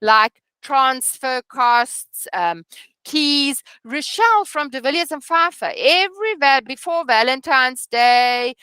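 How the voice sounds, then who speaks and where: A woman's voice: high-pitched, expressive, slow, pushed and bright, clean tone, no room sound. A middle-aged woman teaching real estate agents, earnest, often asking "okay?" and restarting her sentences. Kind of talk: training session lecture.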